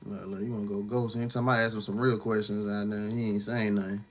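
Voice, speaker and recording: A man's voice: lowish voice, little pitch movement, fast. A man speaking hosts a casual livestream. His talk is loose and slangy, full of fillers, and he pushes a viewer with teasing, confrontational questions. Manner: loose slangy talk, frequent "you know what I'm saying". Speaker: livestream host.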